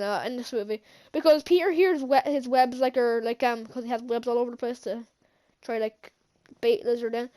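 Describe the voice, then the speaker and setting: Her voice sits on the high side and is a little mellow, moving at normal speed with few pauses. A channel host and film reviewer, she casually recaps a movie for her vlog, rambling through fillers and restarts and chuckling frequently over the scenes.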